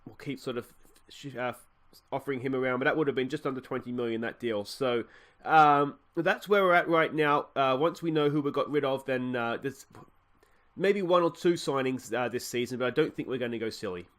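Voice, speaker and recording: A man's voice: medium pitch, a little fast, fairly bright tone. An Australian man hosting a video game let's play, chatting casually and thinking aloud with frequent fillers.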